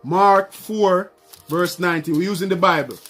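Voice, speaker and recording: A man with a notably high voice preaches a sermon. He leans on repeated phrases and calls out to the congregation for a response, while soft music plays faintly underneath. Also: normal speed.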